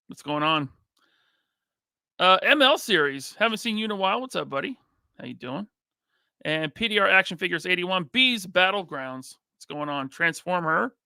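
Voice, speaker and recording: A man's voice: high voice, sharp tone, smooth, dry recording, studio quality. A man hosting a live podcast, greeting chat members by name in a casual, upbeat way. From United States. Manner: reads out chat names with quick greetings. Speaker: podcast host.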